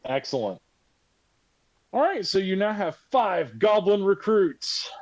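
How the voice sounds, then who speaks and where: A man narrates and runs a tabletop game, his pitch bouncing with lively swings. He talks in a chatty, encouraging way. The sound is dull and lo-fi. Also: takes it slowly. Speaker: game master.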